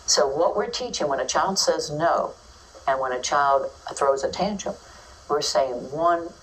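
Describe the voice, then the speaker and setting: Brief: deep-voiced woman educator, chatty talk recorded from across the room. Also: a little slow, distant mic, a little hiss or hum, low-quality recording. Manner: lively, acts out children's and teachers' voices. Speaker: early childhood educator giving a talk. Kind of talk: informal teaching talk.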